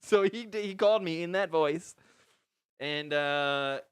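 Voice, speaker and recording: Man, Canadian accent, stream co-host, stop-start deadpan storytelling, animated pitch. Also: measured pace, smooth, dry recording, studio quality. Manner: rambling, stop-start, deadpan tall tale. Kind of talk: absurd improvised storytelling, casual chat.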